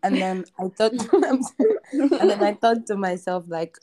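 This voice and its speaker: A young woman guest on a podcast, talking in a relaxed, reflective way with many fillers. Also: mid-range voice, moderate pace. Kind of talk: casual chat.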